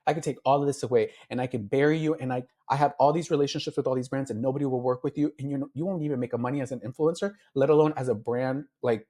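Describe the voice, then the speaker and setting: A man's voice: on the high side, a little mellow. Candid man recounting his story. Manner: heartfelt, filler-heavy, acts out his own past thoughts. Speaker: interview guest, beauty influencer. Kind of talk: candid emotional interview.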